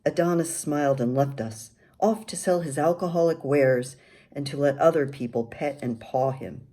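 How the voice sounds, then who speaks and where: A woman's voice: deep voice, normal speed, warm tone, husky. An older woman reading her own memoir aloud in a wry, candid storytelling manner.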